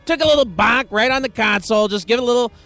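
Man, radio DJ, rambling jokey patter, high-pitched, bright, faint music under him. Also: fast, creaky. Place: radio studio.

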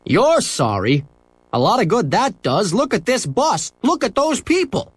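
Gruff bus driver, impatient and scolding, pitched up, as a man reads him. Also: big pitch swings, unhurried, no room sound, full character voice. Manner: snappish, scolding.

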